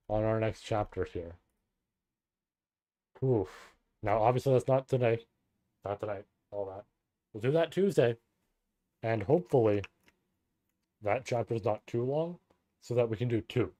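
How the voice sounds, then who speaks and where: A man streaming a live read-through of a novel, reading passages and breaking off into casual, profane, excited reactions. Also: medium pitch, dry recording.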